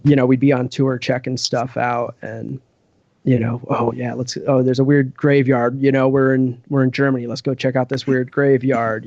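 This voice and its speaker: Gravelly man telling a rambling story. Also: mid-range voice, a little mellow, no room sound, dull audio. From Western Massachusetts, US. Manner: rambling, lots of "like" and "you know". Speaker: podcast guest. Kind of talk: casual storytelling.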